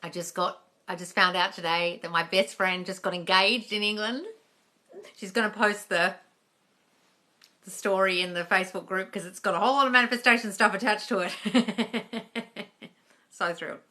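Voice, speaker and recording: A woman's voice: medium pitch, steady tone, moderate pace, long pauses, pushed and bright. A young woman coach answering viewer questions in a casual live stream, chatty and blunt, swearing now and then. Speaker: manifestation coach.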